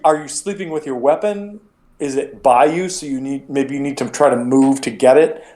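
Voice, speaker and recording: A man's voice: mid-range voice, moderate pace, mellow. A man running a tabletop game as game master, talking casually and rambling, with frequent restarts.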